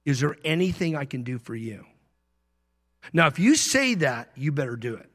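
A pastor giving a sermon in a conversational way, moving between loud emphasis and quiet asides. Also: male voice, fairly high pitch, sing-song, normal speed, in a large hall.

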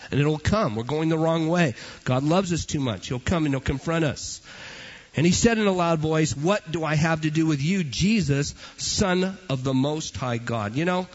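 A man's voice: high voice, slightly rough. A man preaching a sermon emphatically, driving his points home through repetition. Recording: dull lo-fi recording.

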